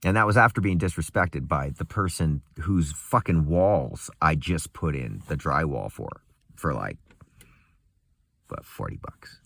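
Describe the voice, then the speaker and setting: A man's voice: extremely low pitch, lively intonation, unhurried, gravelly, a bit bright, no echo. A young man in a casual, angry, profane rant, laughing bitterly and swinging between muttering and a raised voice.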